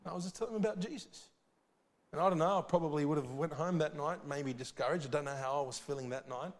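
A man preaching a sermon, earnest and urgent, with sudden loud swells and soft drops. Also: fairly high pitch, quick pace, long reverb tail.

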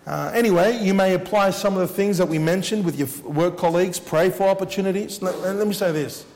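A man's voice: high-pitched, a little fast, a little mellow, long reverb tail. A man preaching a sermon as he shares his testimony, earnest and repeating his words for emphasis.

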